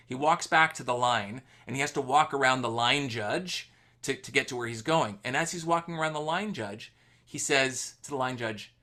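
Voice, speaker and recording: Bright-voiced man telling a story. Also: medium pitch, normal speed. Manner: animated anecdote-telling with fillers. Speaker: host. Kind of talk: casual webinar storytelling.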